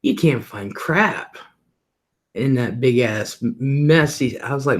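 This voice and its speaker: A man's voice: medium pitch, expressive, a little slow. A middle-aged man hosting a livestream, talking casually and rambling about his day, often laughing and swearing offhandedly. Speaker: livestream host.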